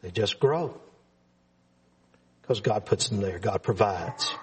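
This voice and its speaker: A man's voice: lowish voice, expressive, takes it slowly. A man preaching a sermon to his congregation in an earnest, emphatic way, repeating phrases for stress.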